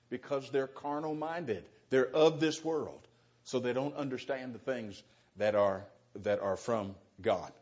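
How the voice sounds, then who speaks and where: A man teaching verse by verse through a Bible passage, talking it through conversationally and asking his listeners rhetorical questions. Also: medium pitch. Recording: dull lo-fi recording.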